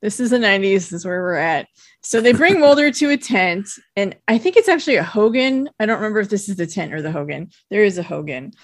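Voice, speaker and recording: Woman, podcast co-host, mid pitch, casual plot recap delivery. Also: fast talker. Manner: relaxed, narrates plot summary from notes. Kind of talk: casual chat recapping a TV episode.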